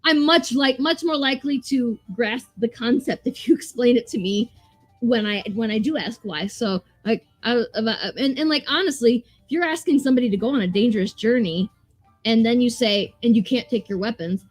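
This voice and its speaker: Animated, profane woman podcaster. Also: fairly high pitch, normal speed, no room sound, soft background music. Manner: animated, profane, rambling with restarts. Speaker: podcast co-host. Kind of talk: casual movie discussion.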